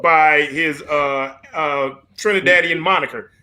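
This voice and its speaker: Bright high-voiced man, stammering. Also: steady tone, unhurried. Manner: explains carefully, stammers, laughs. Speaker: co-host. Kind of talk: casual wrestling talk.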